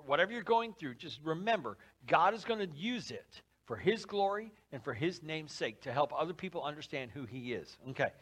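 A man preaching a sermon, lively and conversational, acting out quotes from scripture and dropping his voice low for emphasis. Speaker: pastor.

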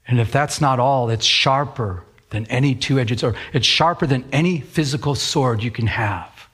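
A middle-aged male pastor preaching a sermon. He tells stories with animated quoted voices and slows down when he reads scripture. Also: mid-range voice, husky. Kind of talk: sermon with storytelling.

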